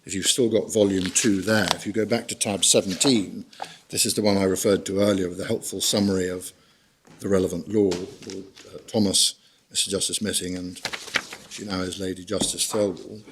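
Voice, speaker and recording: A man, a barrister presenting measured, formal legal argument in a court hearing. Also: low-pitched, level tone, background noise. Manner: measured, formal, guides the bench through documents.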